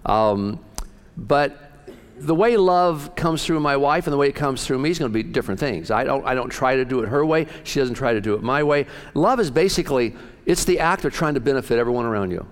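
A man's voice: mid-range voice, expressive, a little fast. A male pastor preaching in a folksy, joking, conversational way, telling stories. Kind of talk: sermon.

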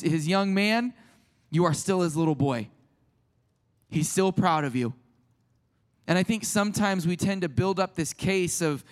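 Guy pastor w a high voice, chatty sermon, keeps restarting his sentences. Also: clear, resonant tone. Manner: conversational, self-deprecating storytelling with many restarts; drops to a soft hushed voice in prayer.

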